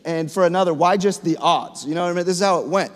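Speaking quickly in a high voice, a man in his thirties gives his congregation a sermon that feels conversational and story-driven. As their pastor, he's heard amid the long reverb of a large hall.

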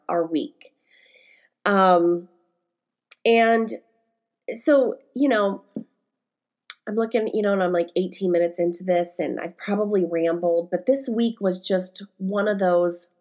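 A woman's voice: mid-range voice, a little mellow. A woman in her forties hosting her own podcast, telling personal stories in a rambling, candid way with lots of fillers, close to tears as she talks. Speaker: podcast host and life coach. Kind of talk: casual solo podcast monologue.

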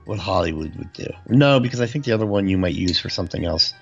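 A man with a low, gravelly, husky voice chats easily as a podcast co-host. His pitch swings in a lively way as he jokes, with faint music playing behind him. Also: fast, highs cut off. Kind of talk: casual chat.

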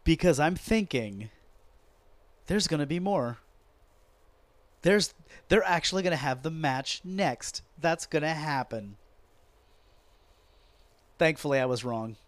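A man hosting a podcast, ranting sarcastically and profanely about wrestling in a casual, animated way. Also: on the high side, takes it slowly, long pauses, no room sound. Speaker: podcast host.

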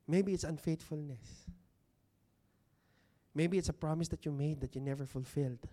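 A man's voice: fairly high pitch, mellow. A man preaching a sermon to a congregation, talking conversationally, asking rhetorical questions and stretching out key words for emphasis. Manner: stresses key words with slow, drawn-out delivery. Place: church hall with congregation seated.

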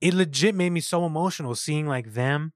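A man co-hosting a casual film review podcast, excited and profane, acting out lines from scenes. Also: on the high side, fairly quick, dry recording, clean studio sound. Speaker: podcast co-host.

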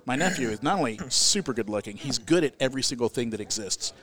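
An older man telling a long comic story in casual chat, animated, restarting his sentences and getting loud at the punchlines. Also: medium pitch, fast.

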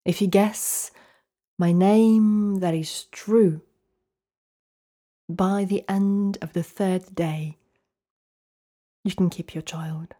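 A sly little imp insisting on a kept promise, as a woman storyteller puts him on. He speaks low and unhurried, dragging out each word with cold certainty. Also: dark tone. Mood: scheming. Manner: slow, deliberate and coldly insistent. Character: sly little male imp holding a bargain.

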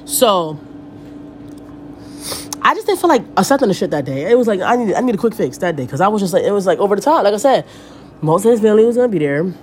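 A woman's voice: mid-range voice, fast, long pauses, slight background noise. A woman in her thirties, a podcast host, telling a story as a casual, rambling rant and swearing freely. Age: 30s. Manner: animated, profane, rambling storytelling.

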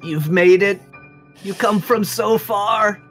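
A man's voice: sits high, slow pace, a bit bright, soft background music, voice pushed up. A man voicing a fussy, doting middle-aged mother in a tabletop game, with a raised, scolding voice.

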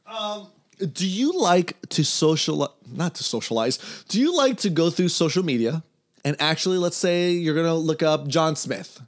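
A man's voice: a little high, lively intonation, normal speed. A man hosting a casual podcast chat, teasing his co-host and rambling with restarts mid-word.

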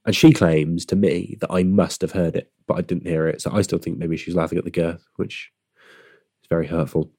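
A young man tells a story in a low, gravelly voice with a husky edge. He rambles and pokes fun at himself, restarting sentences as he goes. The sound is dry and close to the mic. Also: fairly even intonation, fairly quick, warm tone, no room sound. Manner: rambling, self-deprecating, frequent restarts. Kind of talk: casual storytelling monologue.

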